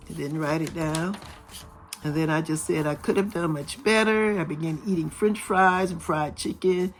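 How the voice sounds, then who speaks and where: A middle-aged woman vlogger chatting casually with her viewers, her voice still a little raspy and hoarse after a cold. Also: deep voice, normal speed, soft background music. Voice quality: slightly raspy. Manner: chatty, talks straight to viewers. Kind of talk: casual chat. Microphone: camera filming from overhead.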